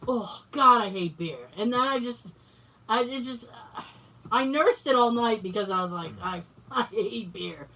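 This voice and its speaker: A woman co-hosting a podcast tells a long story in loose, casual chat. Her voice is bright and a little high, and she jumps into the other people's lines as she tells it. She sits back from the mic, so she comes across as a bit distant. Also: lively intonation, moderate pace. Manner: acts out quoted dialogue, swears casually. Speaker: podcast co-host.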